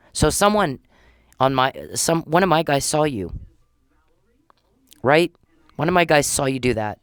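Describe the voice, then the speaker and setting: A woman's voice: low voice, expressive, measured pace, pauses often, clear, resonant tone, no room sound. A woman from Texas hosting a solo podcast, talking in an agitated, repetitive rant. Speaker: podcast host.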